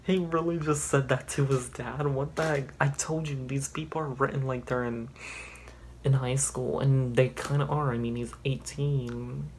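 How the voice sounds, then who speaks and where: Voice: mid-range voice, steady tone, normal speed, darkish tone, slight background noise. Sarcastic young reader mocking an old story. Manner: sarcastic, exasperated asides. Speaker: youtuber reading an old story aloud. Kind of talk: mocking read-through with commentary.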